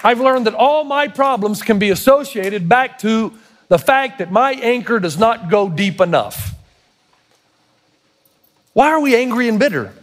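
Man, preacher, high-pitched, emphatic, sermon. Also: animated, moderate pace. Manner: preaches with rising emphatic intensity; acts out quoted prayers and God's words. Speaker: pastor.

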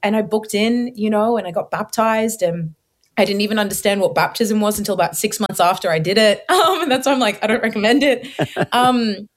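A woman's voice: mid-range voice, fairly quick. A young woman from Australia giving an earnest personal testimony as an interview guest, acting out her own past thoughts as she tells it.

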